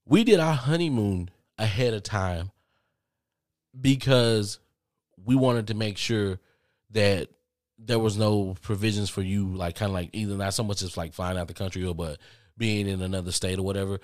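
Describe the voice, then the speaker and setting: A man vlogging, telling a story casually to his viewers with lots of cursing and animated asides. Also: fairly low pitch, normal speed, no room sound, studio quality. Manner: profane, animated, talks straight to viewers.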